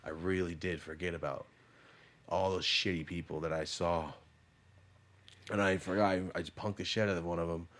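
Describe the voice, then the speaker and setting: A young adult man hosting a podcast, telling stories in a profane, animated way, moving from low muttering to loud bursts. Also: normal speed, pauses often. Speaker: podcast host. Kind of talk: casual storytelling chat. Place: podcast studio.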